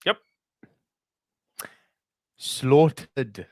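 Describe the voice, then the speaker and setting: A man's voice: drawn-out words, no room sound, clean studio sound. A man co-hosting a casual movie podcast, jokey, laughing often and swearing freely. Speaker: podcast co-host. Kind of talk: casual chat.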